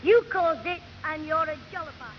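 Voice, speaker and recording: A cheeky young schoolboy with a shrill, very high voice bosses and teases his slow friend. It is 1960s radio comedy acting, heard through a dull, lo-fi old broadcast recording with a faint hiss. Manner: bossy, quick-witted, teasing.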